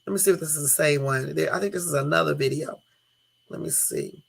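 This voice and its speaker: A woman vlogger chats casually with her viewers in a low, creaky, husky voice. She rambles, with frequent exclamations and asides, and sometimes slowly reads news text aloud.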